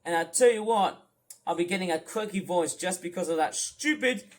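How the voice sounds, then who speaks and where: A man with a high voice on an angry commentary rant. He scolds loudly in some stretches. In others he rambles, repeating words and restarting his sentences. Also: normal speed. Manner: shouts scolding lines. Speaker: commentary ranter. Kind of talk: angry rant over stream footage.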